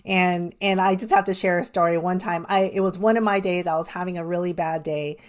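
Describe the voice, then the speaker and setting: A woman's voice: on the low side, steady tone, a little fast. A middle-aged woman, a life coach and podcast guest, telling personal stories earnestly and laughing often. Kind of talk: podcast interview.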